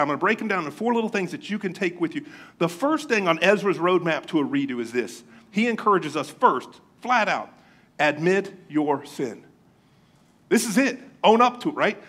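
A man's voice: fairly high pitch, breathy edge. A man from Florida preaching a sermon as pastor, telling jokey childhood stories with lots of energy. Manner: animated, joking storyteller. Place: church.

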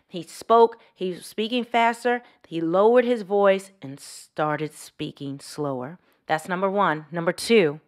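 A woman vlogger giving emphatic reaction commentary, slowing down and lowering her voice to drive points home. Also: fairly bright tone. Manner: emphatic, drops to slow low tone for emphasis.

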